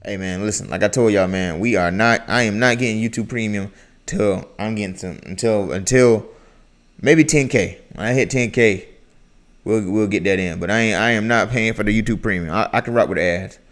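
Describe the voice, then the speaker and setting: A man hosting a casual reaction chat, talking in an animated, slangy way and often repeating his phrases. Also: fairly low pitch, brisk. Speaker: reaction channel host.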